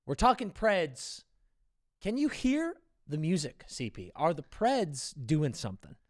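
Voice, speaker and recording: Lively teasing male podcast host. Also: fairly high pitch, dry recording, studio quality. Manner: lively, teasing, quick delivery of stats. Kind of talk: casual sports podcast banter.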